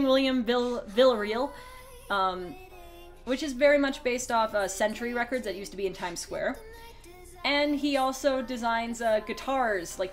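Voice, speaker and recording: A woman chatting casually on a livestream, rambling with fillers and restarts while she explains a character. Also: mid-range voice. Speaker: streamer.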